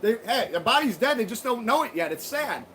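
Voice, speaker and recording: A man's voice: very high voice, big pitch swings, fairly quick, bright, forceful tone, slight background noise. A man hosting a livestream, ranting bluntly with heavy swearing and rambling restarts. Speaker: livestream host. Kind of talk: profane rambling monologue. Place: home livestream.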